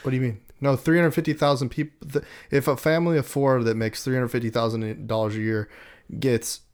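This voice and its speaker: A man's voice: mid-range voice, steady tone, a little fast. A man in casual podcast chat who hesitates a lot, restarting sentences and filling gaps with ums while he explains.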